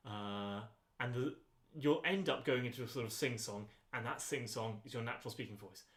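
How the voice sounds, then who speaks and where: A man leading a choir rehearsal voice lesson, giving calm, unhurried instructions with frequent ums. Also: mid-range voice. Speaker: choir voice teacher. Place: rehearsal room. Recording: echoey rehearsal room.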